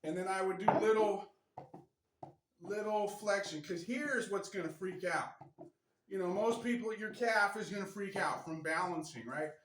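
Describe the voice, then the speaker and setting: A man's voice: high voice, moderate pace, background noise. A man casually demonstrating stretches to a camera, chatty and a bit strained from the effort, tagging lines with "right?". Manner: chatty, repeats "right?" often. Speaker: martial arts instructor. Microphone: camera mic. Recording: echoey room.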